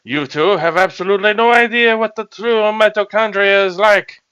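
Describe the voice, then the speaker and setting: A man's voice: sits high, normal speed, bright, forceful tone, clear, resonant tone, pitched above the performer's own voice. A man voicing an eccentric, pompous male scientist in a put-on German accent that drifts toward Scottish, lecturing grandly like a stage vampire. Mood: mocking. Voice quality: theatrical, Dracula-like.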